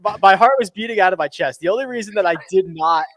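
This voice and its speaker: High-voiced, excitable man hosting a show. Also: fast talker. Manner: animated, breaks news to the panel. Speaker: podcast host. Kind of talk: excited banter with co-hosts. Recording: dry close mic.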